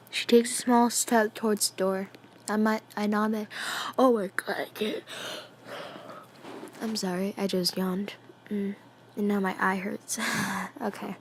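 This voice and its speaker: A woman reading a fan story aloud, quietly and half-whispered, giggling and breaking off to comment. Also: mid-range voice, little pitch movement, moderate pace, long pauses, slight background noise. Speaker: fan fiction reader.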